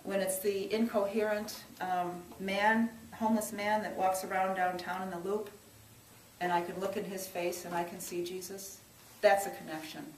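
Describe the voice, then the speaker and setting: A woman's voice: mid-range voice, level tone, moderate pace, darkish tone, slight background noise. A middle-aged woman working in church social service, telling a personal story in an earnest, reflective way, with frequent restarts and emphatic rises. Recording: roomy sound from a distance, faint ambience.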